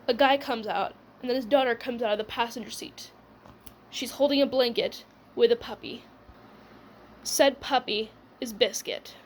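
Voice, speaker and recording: Chatty young woman with a higher voice. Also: moderate pace, slight background noise. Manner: rambling, full of "like" and "whatever", laughing. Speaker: storyteller. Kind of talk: casual storytime.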